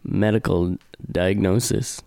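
Smooth-voiced man, laid-back podcast chat. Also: sits low, fairly even intonation, takes it slowly, dark tone. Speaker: podcast co-host. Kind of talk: casual chat.

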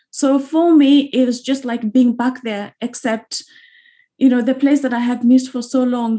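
This is a woman from Uganda, interviewed as an author. Her voice is soft, dark and mellow, sitting a touch above the usual pitch. She speaks earnestly and repeats phrases to stress a point. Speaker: author guest. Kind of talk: reflective interview talk.

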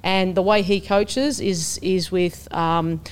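A woman's voice: on the low side, takes it slowly, clear, resonant tone. A woman on a sports panel, making her point with conviction and energy. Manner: animated, argues with conviction. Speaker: panelist, former player. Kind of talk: casual panel chat.

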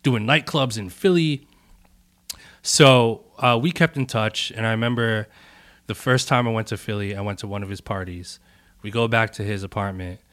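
Low, relaxed man in his thirties; podcast guest telling stories, drifting quiet at phrase ends. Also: moderate pace. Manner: laid-back, trailing off into a soft low voice, frequent "like". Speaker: music producer guest. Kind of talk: casual storytelling in a podcast conversation.

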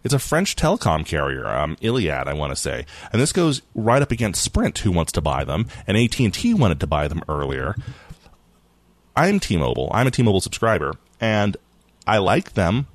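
A low-pitched man talks tech news with a lively, swooping delivery, cracking jokes and laughing as he goes. The sound is dry and close, with no room around him. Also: normal speed, no echo. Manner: animated, jokey, laughs often. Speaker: podcast co-host. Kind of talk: casual tech news chat.

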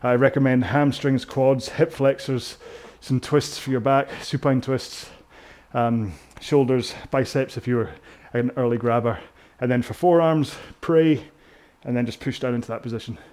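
A man's voice: mid-range voice, steady tone, a little slow, a little mellow. A British man coaching a rowing workout, talking casually and rambling in a self-mocking way. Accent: British English. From Britain. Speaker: rowing instructor. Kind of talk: casual talk over a row-along workout.

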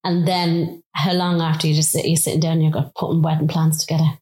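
A woman hosting a casual interview, mostly giving short supportive replies and asking gentle questions. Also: sits low, little pitch movement, fairly quick, echoey room, poor audio. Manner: supportive listener, brief backchannels.

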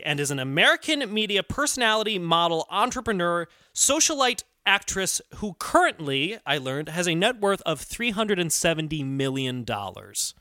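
Lively high-voiced man hosting a podcast. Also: no echo, clean studio sound. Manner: playful, teasing, animated. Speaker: podcast host. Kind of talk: casual comedic podcast chat.

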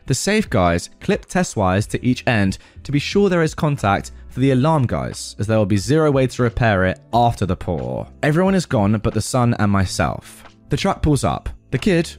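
A man narrates a story in a casual, wry and colloquial style. His pitch is middling but very lively, rising and dipping through every sentence. Faint music sits under his voice.

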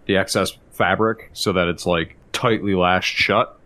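A man with a somewhat low voice plays a tabletop game, describing his character's moves loosely. He talks casually and hesitates with fillers. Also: fairly even intonation, unhurried, pushed and bright. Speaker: player. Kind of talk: casual tabletop role-play.

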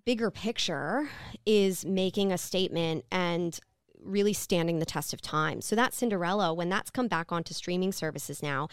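A woman's voice: fairly low pitch, normal speed, clear, resonant tone, no echo, studio quality. A woman in her thirties hosting a casual interview, affirming and encouraging her guest. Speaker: podcast host.

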